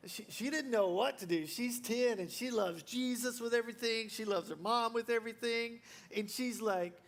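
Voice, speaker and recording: A man's voice: high voice, a bit bright. A male pastor preaching a sermon in a casual, joking way, full of fillers and restarts.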